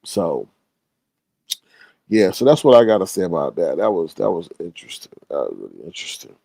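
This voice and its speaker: A man's voice: fairly quick, vocal fry, no echo, rough recording. A man casually telling a story to his live stream audience, slangy and profane, acting out the people in it. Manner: animated, acts out quoted people with higher pitch.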